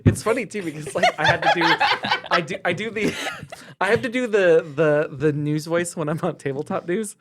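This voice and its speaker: A man co-hosting a podcast in casual chat, animated, quick to laugh and playfully indignant. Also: sits high, very noisy. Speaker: podcast co-host.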